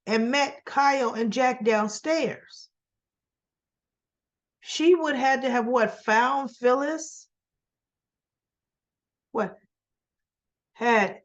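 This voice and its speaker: A woman with a fairly high voice talks slowly and unhurriedly as she recaps a soap opera episode for her channel. She retells each scene in a casual chatty way, slipping into quick little voices for the characters' lines. It sounds like a home recording. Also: lo-fi sound.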